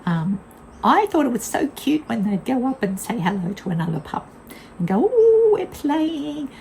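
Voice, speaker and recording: A woman's voice: medium pitch, expressive, moderate pace, a little hiss or hum, poor audio. An older woman tells a casual vlog story in a blunt, candid way, laughing often. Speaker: vlogger.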